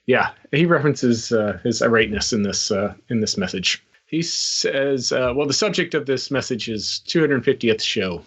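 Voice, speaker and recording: A man's voice: mid-range voice, expressive, normal speed, few pauses, a bit bright, slightly rough. A man co-hosting a podcast, reading a listener email in a hesitant, wry, casual way. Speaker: podcast co-host. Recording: dull, lo-fi.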